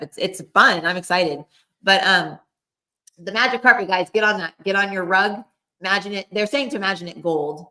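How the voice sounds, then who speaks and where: Rambling woman medium, slightly low voice. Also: sharp tone. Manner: rambling, filler-heavy, relays spirit quotes. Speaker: co-host, psychic medium. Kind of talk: casual chat, channeling messages.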